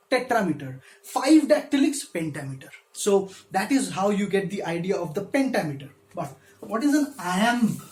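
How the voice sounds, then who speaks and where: A man's voice: high voice, darkish tone. A man who gives a literature lecture, patiently explaining step by step and stressing syllables when he demonstrates them. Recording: echoey room.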